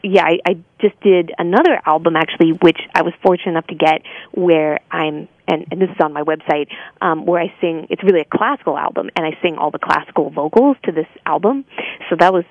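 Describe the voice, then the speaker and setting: A woman's voice: lowish voice, a little fast, no room sound, highs cut off. An American woman being interviewed, a singer and voice-over artist, talking casually with lots of fillers and laughing often.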